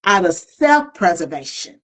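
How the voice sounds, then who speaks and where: Animated, expressive woman co-host. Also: lowish voice, a little slow, poor audio. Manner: animated, colloquial, self-reflective. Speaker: podcast co-host. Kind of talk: candid conversational talk.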